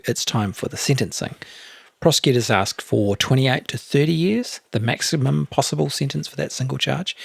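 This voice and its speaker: A man with a New Zealand accent co-hosting a true crime podcast, recounting events in a measured, matter-of-fact way. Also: mid-range voice, gravelly, husky, no echo, clean studio sound. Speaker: podcast co-host.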